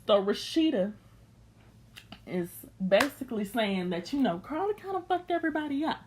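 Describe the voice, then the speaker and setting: A woman's voice: high-pitched, big pitch swings, moderate pace, slight background noise. A young woman recapping a reality show in blunt, slangy, sassy chat, unscripted.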